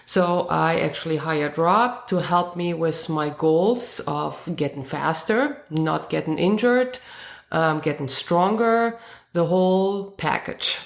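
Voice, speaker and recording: A woman in her forties with a German accent answers questions at an easy pace, pausing on frequent ums and uhs. Her voice sits on the low side, and the room around her rings with noticeable echo. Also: gravelly. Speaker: guest runner. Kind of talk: interview answers.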